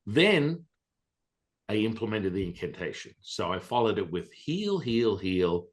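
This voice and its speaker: A man telling a personal story as a podcast guest, animated and excitable, with casual profanity. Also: fairly low pitch, unhurried.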